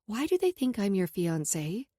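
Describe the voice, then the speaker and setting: A woman narrator voices a fiery young heroine, sharp-tongued, quick to blow up and outraged here. The delivery is loud and biting, leaping around in a sing-song way at medium pitch. It's read close to the mic in a dry studio with no echo.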